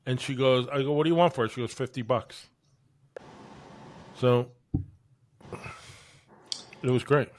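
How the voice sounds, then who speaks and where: A man co-hosting a casual chat, telling a rambling anecdote in a relaxed way. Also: medium pitch, unhurried, long pauses. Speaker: co-host.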